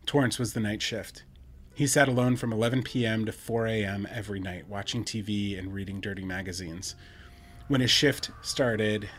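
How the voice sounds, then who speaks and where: Low-voiced man narrating a horror story. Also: fairly bright tone, a little hiss or hum. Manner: measured, dramatic, wry. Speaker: podcast host and storyteller.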